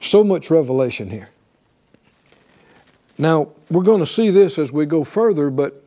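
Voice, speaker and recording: A man's voice: on the high side, unhurried, long pauses. A man preaching a sermon, often asking "right?" and acting out voices of believers speaking faith. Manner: animated, calls for responses with "right?".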